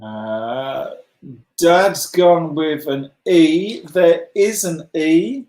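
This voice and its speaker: Over a video call, an encouraging man runs a letter-guessing game for a children's club, chatting and praising players by name. His expressive, slightly mellow voice jumps around in pitch while his pace stays slow and unhurried. The audio has a roomy echo.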